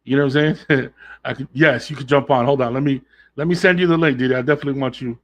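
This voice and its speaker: A man's voice: mid-range voice, steady tone, fast. A man hosting a podcast in a casual, blunt and emphatic way, full of slang and swearing, talking straight to his listeners. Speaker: podcast host. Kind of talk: casual solo podcast talk.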